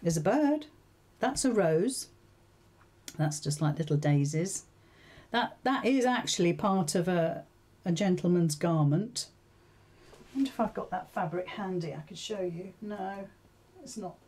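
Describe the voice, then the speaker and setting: A woman's voice: lowish voice, animated, measured pace, long pauses, darkish tone, husky. A woman hosting a live sewing tutorial, chatting casually, thinking aloud and asking her viewers questions.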